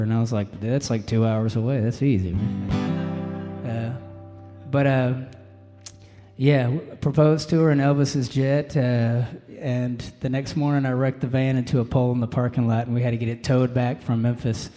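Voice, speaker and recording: A young singer-songwriter talks from a venue stage in a relaxed, meandering way, peppering his stories with "uh" and "man". His voice sits at an ordinary pitch and rings out into a long hall reverb, with faint guitar underneath. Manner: rambling, easygoing storytelling, filler words and "man". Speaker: singer-songwriter performing live. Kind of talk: stage banter between songs. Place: live music venue stage. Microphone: stage vocal mic. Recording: reverberant live venue with music.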